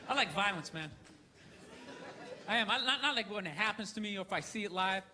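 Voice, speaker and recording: A man's voice: high-pitched, lively intonation, fairly quick, crowd noise, background noise. A man from the United States performing a stand-up comedy set, telling blunt, profane stories on a comedy stage.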